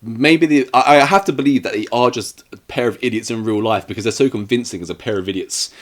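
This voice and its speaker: A man's voice: medium pitch, quick pace. A man co-hosting a casual podcast, reviewing a bad horror movie with sarcasm and acting out the characters' lines. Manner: animated, sarcastic, acts out quotes. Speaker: podcast co-host.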